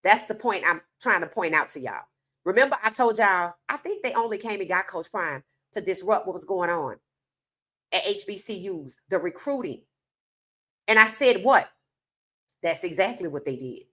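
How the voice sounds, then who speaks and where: Bright and forceful, her medium-pitched voice moves at normal speed with lively intonation. The woman hosts an opinionated sports monologue, talking casually and emphatically and putting rhetorical questions right to her viewers.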